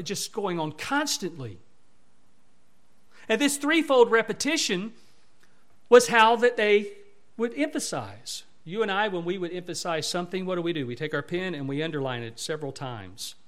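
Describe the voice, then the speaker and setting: A man, a pastor, preaching a sermon with emphatic delivery that swells louder on repeated words. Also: sits high, lively intonation, normal speed.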